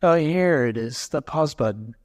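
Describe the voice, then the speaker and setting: Podcast cohost guy, kinda high voice, teasing his buddy nonstop, jokey. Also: animated, moderate pace, a little mellow, soft background music. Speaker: podcast co-host. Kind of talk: casual chat.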